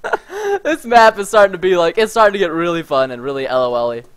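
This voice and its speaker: A man's voice: high voice, big pitch swings, quick pace, a bit bright, clear, resonant tone. A young man hosting a casual let's-play, goofy and giggly, breaking into silly sing-song bits. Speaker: gaming channel host.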